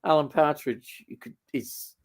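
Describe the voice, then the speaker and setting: A man's voice: on the high side, a little slow, a little hiss or hum. A man from Leeds with a Yorkshire accent, hosting a live stream and reading out viewer comments in an easygoing way. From Leeds, England. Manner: easygoing, laughs often, says "aye" and "lad".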